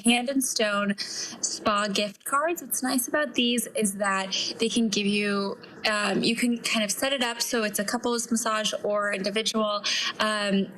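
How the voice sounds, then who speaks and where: Bright-voiced woman recommending gifts. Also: medium pitch, steady tone, unhurried, poor audio. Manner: friendly, explains with fillers. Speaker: guest product editor. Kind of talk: TV interview, product recommendations.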